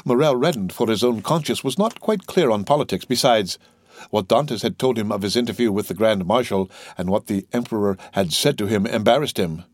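A man narrating a classic novel as an audiobook in a steady, measured reading. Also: lowish voice, no room sound.

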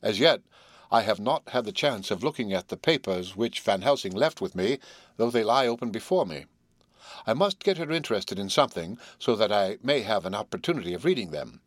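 A man narrating a classic novel as an audiobook in a measured, even storytelling voice. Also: on the low side, no echo. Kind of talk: scripted narration.

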